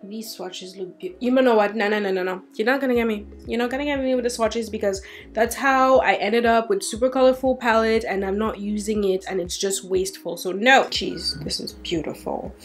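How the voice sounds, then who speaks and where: A woman beauty vlogger with a light French-tinged accent, chatting casually and excitably to camera about makeup. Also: mid-range voice, brisk, faint music behind. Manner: chatty, excitable, talks herself out of buying.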